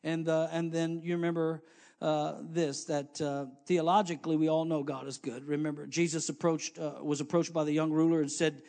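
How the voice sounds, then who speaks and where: A man preaching a sermon, dropping to quiet asides and then rising to loud exhortation as he calls on the congregation, with many fillers and restarts. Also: on the high side, level tone, moderate pace. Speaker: pastor.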